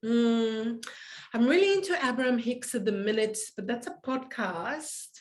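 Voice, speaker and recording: A woman's voice: a little high, lively intonation, a little slow. A woman interview guest who tells personal stories in a casual, emotional way and often laughs as she talks.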